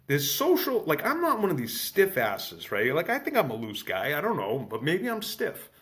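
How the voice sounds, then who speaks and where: A man from the United States chatting on a podcast in an animated, self-deprecating way, with many halting restarts. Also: fairly high pitch. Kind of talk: casual podcast conversation.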